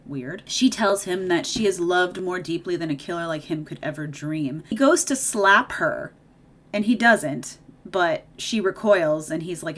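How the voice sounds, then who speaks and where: A woman's voice: fairly low pitch, lively intonation, unhurried, fairly bright tone. A woman giving a casual movie recap while doing her makeup, chatty and opinionated, with sarcastic asides. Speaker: video creator.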